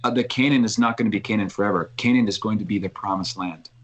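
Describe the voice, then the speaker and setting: A man, a podcast guest, talking casually and retelling a story with animated restarts. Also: on the low side, quick pace, poor audio. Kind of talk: casual conversation.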